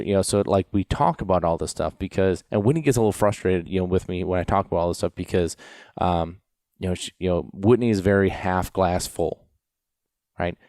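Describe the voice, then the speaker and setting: A man's voice: low-pitched, a little mellow, no room sound, clean studio sound. A man hosting a podcast as a dog trainer, rambling through stories with lots of restarts and fillers. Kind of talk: casual podcast talk.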